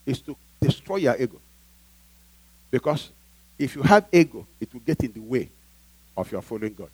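A man's voice: medium pitch, big pitch swings, moderate pace, darkish tone, husky, no echo, poor audio. A male pastor preaching a sermon emphatically, often asking the congregation to fill in a word.

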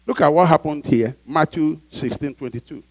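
A man's voice: a little high, moderate pace, no room sound, rough recording. A male pastor preaching a sermon emphatically, often asking the congregation to fill in a word.

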